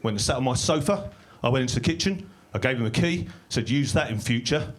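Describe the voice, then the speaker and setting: A man doing stand-up comedy in a small club, delivering dry, deadpan one-liners that break into sudden shouted bursts. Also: mid-range voice, quick pace. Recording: live club recording with audience laughter. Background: crowd laughing.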